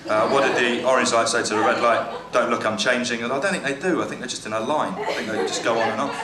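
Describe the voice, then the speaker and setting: Wry stand-up comic in an echoey venue. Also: male voice, medium pitch. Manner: wry, halting, with frequent fillers and self-corrections. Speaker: stand-up comedian reading viewer jokes. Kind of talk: live stand-up comedy. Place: comedy venue with a live audience. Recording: echoey venue with loud crowd. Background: audience laughter and cheering.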